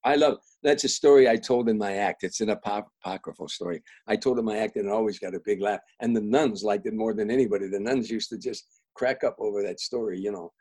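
A man's voice: lowish voice, fast talker, hardly any pauses, husky, rough recording. An older man from the Chicago area, a guest comedian telling rambling personal anecdotes with many restarts and repeated words. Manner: restarts, repeats words, grows soft and reflective.

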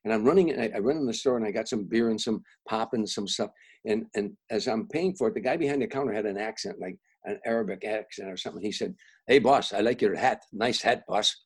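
An older Chicago-area man, appearing as a guest comedian, rattles off rambling personal anecdotes fast in a low, slightly rough voice. He keeps restarting and repeating words, and at times turns soft and reflective. The recording itself is rough.

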